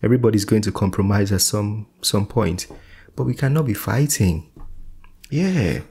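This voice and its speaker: Low gravelly man reacting. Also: moderate pace. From Nigeria. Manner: relaxed, thoughtful, filler-heavy. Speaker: reaction channel host. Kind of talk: casual reaction commentary.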